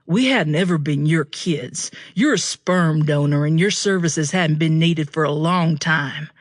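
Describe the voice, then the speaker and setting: A woman's voice: low voice, unhurried, no echo, studio quality. A woman voicing a scornful, combative young man in an audiobook.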